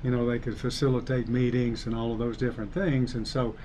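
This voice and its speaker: An older man from Alabama, an engineering professor, speaking in a relaxed, thoughtful way with a softened Southern US accent in a casual interview. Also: mid-range voice, brisk, slight background noise. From Alabama, United States.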